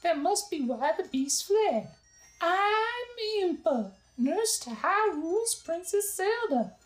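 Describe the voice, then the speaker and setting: Brief: high, drawn-out, gentle old nurse from a game as a woman reads it aloud; roomy sound. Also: sing-song, exaggerated voice. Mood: frightened, polite.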